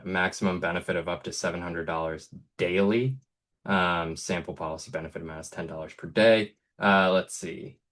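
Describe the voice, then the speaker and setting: A man's voice: low voice, a bit bright. An American man hosting an insurance study group call, talking casually and thinking aloud with many fillers. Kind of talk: casual webinar discussion.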